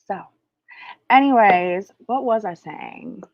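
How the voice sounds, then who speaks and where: Hosting a spiritual livestream, a woman with a medium-pitched voice speaks in a slow, drawn-out teaching manner. She's casual and crass, rambling and losing her train of thought. There's no echo, but the highs are cut off.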